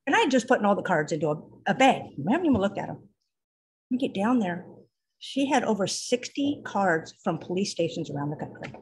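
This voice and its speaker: A mother speaks in casual conversation, telling an animated, heartfelt story about her daughter. Her voice sits in a middle range, and faint background noise is heard. Clicks turn up now and then. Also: mid-range voice, a little fast. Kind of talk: casual chat.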